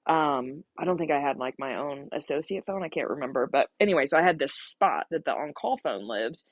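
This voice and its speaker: A woman veterinarian and podcast host, telling stories in animated casual chat with quick asides. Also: deep voice, no echo.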